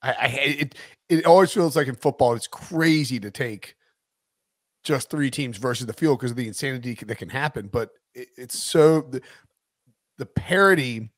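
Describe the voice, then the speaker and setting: Man hosting a sports podcast, rambling and jokey, dry close sound, mid-pitched voice. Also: normal speed, no echo. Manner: thinks aloud, jokey, rambling. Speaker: podcast host. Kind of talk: casual sports chat.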